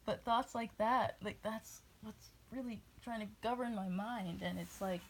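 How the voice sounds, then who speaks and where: A woman's voice: mid-range voice, a little slow. A woman from New England rambling through a casual vlog monologue, jumping from tangent to tangent and cutting herself off mid-thought. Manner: rambling, tangential, self-interrupting. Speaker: vlogger.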